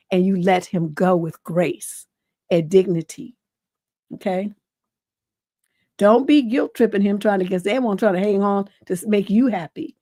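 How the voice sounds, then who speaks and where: Frank mellow-voiced advice host. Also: female voice, medium pitch, animated, normal speed, no echo, clean studio sound. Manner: reads a letter aloud, then answers in a frank, folksy way. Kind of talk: livestream advice chat.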